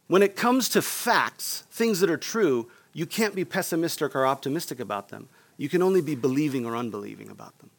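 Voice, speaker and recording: Gravelly-voiced male pastor preaching. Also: mid-range voice. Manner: earnest preaching, asks the room for responses. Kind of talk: sermon.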